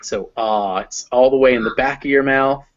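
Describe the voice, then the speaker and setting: A man's voice: mid-range voice, normal speed, dull audio. A man with a Southern American accent teaching English pronunciation, patiently modeling vowel sounds for a learner. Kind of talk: explaining phonetics to a learner.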